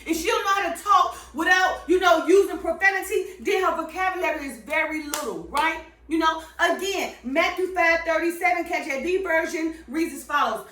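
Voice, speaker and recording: Woman, very high voice, casual preachy monologue with constant "right?" tags; roomy, distant recording. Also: normal speed, few pauses, bright, forceful tone, slight background noise. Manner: emphatic and preachy, tags nearly every point with "right?". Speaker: Bible-based life advice speaker. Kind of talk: casual sermon-style monologue. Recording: roomy sound, far from the mic.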